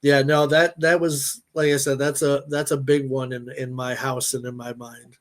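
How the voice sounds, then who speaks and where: A man's voice: medium pitch, level tone, moderate pace. A man hosting a podcast in casual chat, enthusiastic and fan-like, laughing often. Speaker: podcast host.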